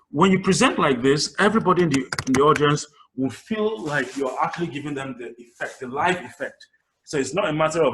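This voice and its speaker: A man with a Nigerian accent giving a public speaking webinar over a video call, lively and acting out his examples. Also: fairly high pitch. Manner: animated, acts out examples. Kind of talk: webinar lecture. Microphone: video call camera mic. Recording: echoey room, voice distant from mic.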